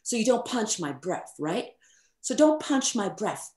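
A man's voice: high voice, big pitch swings, fairly quick, voice pushed up. A woman quoting an easygoing male studio musician who patiently explains recording and calls her "love". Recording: roomy echo.

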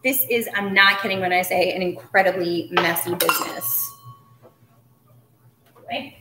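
A woman's voice: fairly low pitch, measured pace, noisy background. A woman hosting a live cooking demonstration, chatting with joking asides and muttering to herself as she works in a home kitchen. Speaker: cooking show host. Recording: roomy kitchen sound with clattering dishes.

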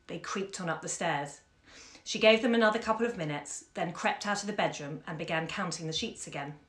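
A woman's voice: fairly low pitch, a little fast. Woman hosting a story reading live from home on her phone, chatty, ums, echoey. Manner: chatty and expressive with fillers. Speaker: bookshop owner and host. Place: home during lockdown. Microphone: phone camera. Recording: echoey room.

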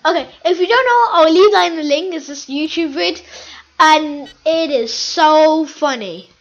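Very high-voiced woman, slow and chatty. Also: dull audio. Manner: excitable, chatty, repeats phrases. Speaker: gaming video host. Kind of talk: casual gameplay commentary.

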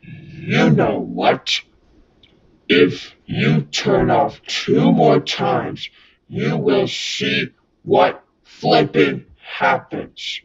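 A man voicing a furious evil-mode computer error entity with a harsh, gravelly, toneless voice and a scolding, threatening manner. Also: medium pitch, huge pitch swings, drawn-out words, muffled recording, full character voice. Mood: menacing scolding. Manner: scolding, threatening, shouting bursts.

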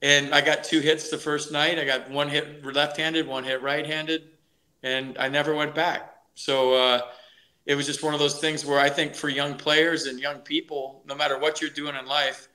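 A middle-aged man, a former ballplayer, telling his career story in an animated, energetic way during a podcast interview, often restarting his sentences. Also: fairly high pitch, moderate pace. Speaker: guest, former ballplayer and broadcaster.

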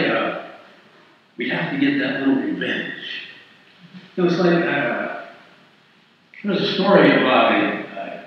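A man's voice: a little high, fairly bright tone, very echoey, long reverb tail, far from the mic, dull audio. A male pastor preaching a sermon, telling a story and acting out the characters' lines. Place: church sanctuary.

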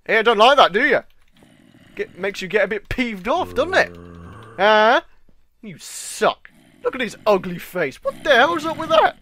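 A British man giving excitable let's-play commentary, yelling and pleading at game mobs and bantering with the creatures. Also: high voice, unhurried, pauses often. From Britain. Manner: jokey running chatter with game creatures. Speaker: gaming channel host.

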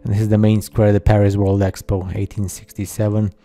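Speaking in a monotone, this male video narrator talks over slides with a mellow, very dark voice pitched fairly low. He stumbles along casually, using lots of fillers and tossing in doubtful asides.

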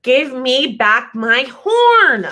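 A woman's voice: on the high side, big pitch swings, a little slow, exaggerated voice. A woman voicing an earnest, insistent female bulldog who believes she is a rhinoceros, in a picture-book read-aloud. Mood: determined. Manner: earnest, insistent, bright storybook voice.

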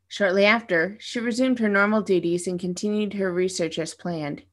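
A woman reads her short story aloud at a community event, calm and even. Her pitch sits in the middle. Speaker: reader at a community reading.

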